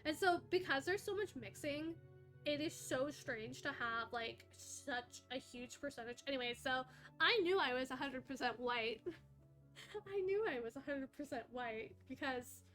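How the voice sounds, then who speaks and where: Brief: talkative woman streamer, high voice, faint music under her, rambling and giggly. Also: animated, a little slow, fairly bright tone. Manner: rambling, laughs often, self-interrupting. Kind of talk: casual live-stream chat.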